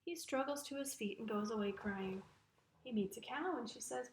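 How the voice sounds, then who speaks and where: A woman tells a children's folk tale in a lively storytelling manner. Her voice sits slightly high. The room gives it a clear echo. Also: normal speed, a little hiss or hum. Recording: roomy echo.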